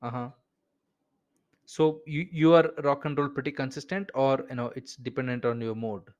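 Indian accented guy hosting a podcast, chatty, lots of you knows, mid pitch. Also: fairly even intonation, normal speed, highs cut off. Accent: Indian English. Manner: chatty, frequent "you know" fillers, laughs between points. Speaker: podcast host. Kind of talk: casual interview chat.

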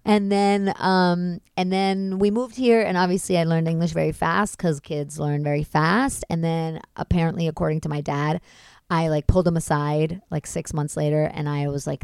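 A young German-born comedian chatting on a podcast, her voice a little low and gravelly. She tells lively stories and slips into voices for the people in them. The sound is dry and close. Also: normal speed, no echo. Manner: animated storyteller, acts out quotes. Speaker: comedian guest. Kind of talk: casual podcast chat.

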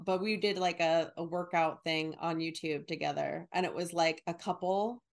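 A woman's voice: fairly low pitch, moderate pace, creaky. A woman from New Jersey and New York, chatting casually as a podcast co-host in a rambling, laughing way. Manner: rambling, animated, laughs often. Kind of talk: casual chat.

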